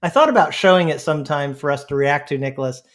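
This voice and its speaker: A man's voice: on the high side, fast. A man hosting a podcast, telling funny stories in casual chat with frequent laughter. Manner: laughing, storytelling, relaxed. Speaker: podcast host.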